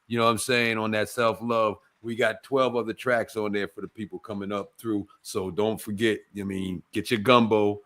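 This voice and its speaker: A man's voice: lowish voice, flat delivery, normal speed, few pauses, fairly bright tone. A man co-hosting a casual chat, speaking hesitantly with many fillers and restarts. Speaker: guest co-host.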